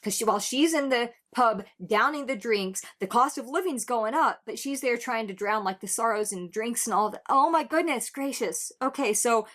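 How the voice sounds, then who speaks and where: A woman's voice: fairly high pitch, expressive, normal speed, hardly any pauses, fairly bright tone. A young adult woman hosting a music reaction video, talking in a casual, heartfelt way with sarcastic turns and restarts as she thinks aloud.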